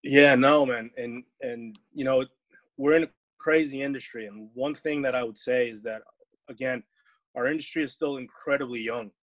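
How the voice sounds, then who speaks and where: A man speaking as a guest strength coach in a relaxed interview, his voice of ordinary pitch for a man. The recording is dry, with no room sound. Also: normal speed, dry recording. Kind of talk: casual interview chat.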